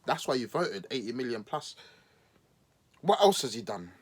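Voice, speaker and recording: Husky sarcastic man on a podcast. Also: medium pitch, moderate pace. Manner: mocking, animated, playful voices for emphasis. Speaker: podcast host. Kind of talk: sarcastic political commentary monologue.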